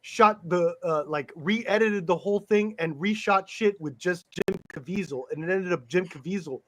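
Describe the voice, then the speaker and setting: A man co-hosting a casual movie podcast, loud and excitable, swearing freely. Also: high voice, moderate pace, no room sound. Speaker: podcast co-host. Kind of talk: casual chat.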